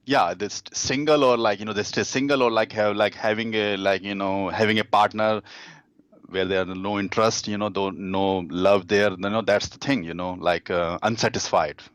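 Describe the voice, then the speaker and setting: A man with an Indian accent, a dating coach talking as a guest in a casual interview, halting, with many fillers and restarts. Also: lowish voice, steady tone, fairly bright tone, clear, resonant tone, dry recording.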